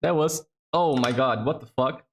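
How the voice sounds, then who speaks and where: A man's voice: medium pitch, animated, moderate pace. A man hosting a trivia game on a live stream, chatty and casual, swearing freely as he thinks aloud.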